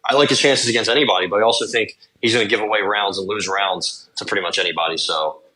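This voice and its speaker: A man's voice: fairly low pitch, pushed and bright. Man rattling off fight recaps. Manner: rapid, swearing fight recaps with lots of fillers. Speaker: podcast co-host. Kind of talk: casual sports chat.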